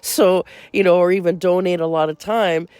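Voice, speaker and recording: A woman's voice: fairly low pitch, fairly even intonation, moderate pace, a little mellow, clean tone, no echo. Woman hosting a faith podcast, earnest and fired up, dry close mic. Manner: earnest, turns incredulous and indignant. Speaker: host. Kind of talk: religious podcast monologue.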